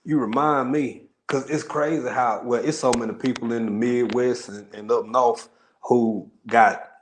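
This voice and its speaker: A man's voice: mid-range voice, slight background noise. A man from East Texas with a Southern accent, hosting a casual livestream and chatting loosely with viewers, greeting them by name in Southern slang. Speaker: livestream host.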